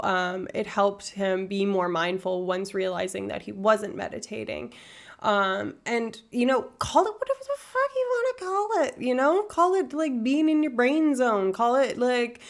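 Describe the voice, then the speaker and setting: Casual woman streamer, gravelly voice, mid pitch, chatty and loose. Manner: chatty and swears freely, with frequent ums. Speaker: streamer discussing neuroscience. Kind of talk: casual live-stream chat.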